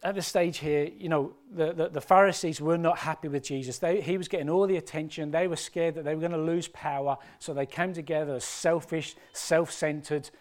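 A man preaching a sermon with passion, moving between hushed, emotional storytelling and loud, rising appeals. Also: a little high, fairly even intonation, fairly quick, hardly any pauses. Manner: impassioned, swinging from hushed to loud.

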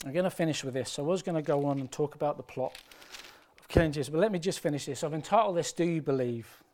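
A man preaching a sermon with passion, moving between hushed, emotional storytelling and loud, rising appeals. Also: on the high side, quick pace. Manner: impassioned, swinging from hushed to loud.

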